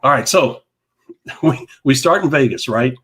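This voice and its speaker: A man co-hosting a casual live talk show, telling a long story in an animated way, laughing often and repeating himself. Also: mid-range voice, a little slow, husky. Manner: animated, laughing, repeats words, mild cursing. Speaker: podcast co-host.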